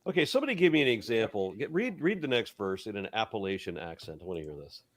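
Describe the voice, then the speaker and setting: A man's voice: lowish voice, big pitch swings, quick pace, fairly bright tone. A man hosting a casual panel chat and reading out viewer comments with a chuckle. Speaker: host.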